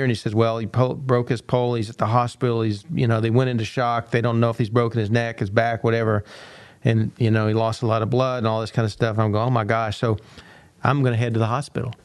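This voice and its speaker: An older man, a coach and university teacher, giving a motivational talk as an animated storyteller who acts out quoted dialogue and repeats words now and then. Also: medium pitch, dry recording.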